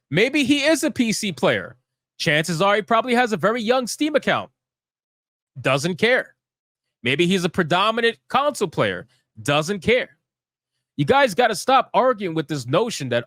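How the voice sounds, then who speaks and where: A man's voice: fairly high pitch, big pitch swings, a little slow, pauses often, a bit bright, no echo, clean studio sound. Fired-up male stream host ranting. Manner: fired-up, profane and emphatic. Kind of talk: heated commentary rant.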